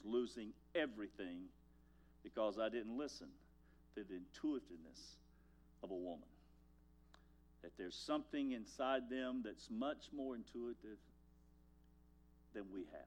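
An older man preaching a sermon as pastor, telling folksy stories and swinging from loud lines to hushed ones. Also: on the low side, unhurried, pauses often.

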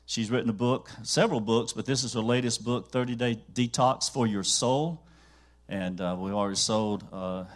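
A man with a Southern US accent, a pastor leading announcements and prayer in a church service, folksy and joking. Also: mid-range voice. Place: church sanctuary.

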